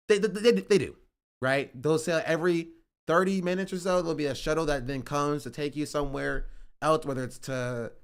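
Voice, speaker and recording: A man streaming, telling a travel story in rambling casual chat and checking in with "right?" as he goes. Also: a little high. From United States. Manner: rambling, keeps asking "right?" and "you know?".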